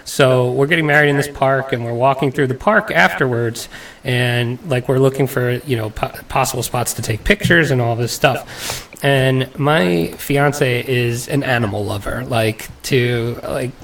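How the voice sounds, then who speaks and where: A young man hosts a loose, chatty podcast and tells a story from his day. He sounds a bit away from his mic, so the voice has a slightly distant edge. His pitch sits right in the middle. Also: measured pace, creaky, fairly bright tone, roomy sound, slight background noise. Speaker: podcast host. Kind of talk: casual podcast chat.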